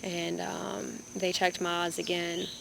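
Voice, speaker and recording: A young woman vlogger, in pain and low on energy, telling a story in a rambling, halting way into a phone. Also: completely flat delivery, gravelly, a bit bright, low-quality recording. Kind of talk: casual vlog storytelling. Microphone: phone camera. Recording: background noise with birds and insects.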